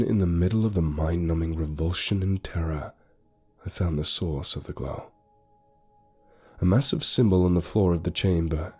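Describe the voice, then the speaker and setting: Deep-voiced man narrating horror. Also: mellow. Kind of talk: scripted first-person horror narration. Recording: faint music behind.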